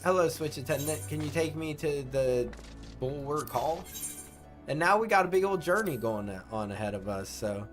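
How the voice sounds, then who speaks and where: Animated streamer man chatting with viewers. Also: on the high side, moderate pace, faint music behind. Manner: animated, exasperated, talks to chat. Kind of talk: casual live-stream chat.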